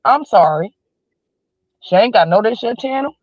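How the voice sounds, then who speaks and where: A woman's voice: on the high side, lively intonation, moderate pace, darkish tone, dry recording. A woman in her forties, calling in as a livestream guest, giving heated commentary in blunt, emphatic slang. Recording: slightly dull dry stream audio.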